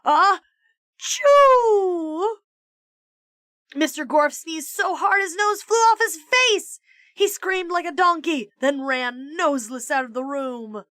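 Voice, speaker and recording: A woman streamer reads a children's storybook aloud in a measured, expressive way. Her voice is high and bright, and she takes her time. The sound is close and dry, on a streaming mic. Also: no echo.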